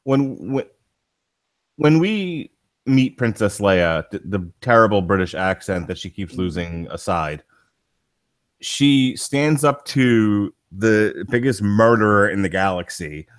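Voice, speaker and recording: Jokey podcast co-host quoting movies. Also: male voice, on the low side, animated, slow. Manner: jokey, argues points with movie quotes. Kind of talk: casual podcast discussion.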